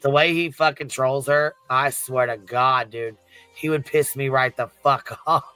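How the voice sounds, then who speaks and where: Male streamer, mid-pitched, close dry mic, profane laughing storyteller. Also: steady tone, unhurried, sharp tone, clear, resonant tone, dry recording, soft background music. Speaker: streamer reacting to clips. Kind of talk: casual profane chat.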